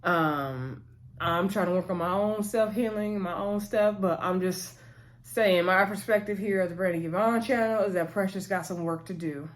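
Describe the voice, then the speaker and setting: A woman's voice: mid-range voice, normal speed. A woman hosting her own channel, giving a chatty, opinionated recap of a reality show with frequent asides to her viewers. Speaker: channel host. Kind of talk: casual reality-TV recap commentary.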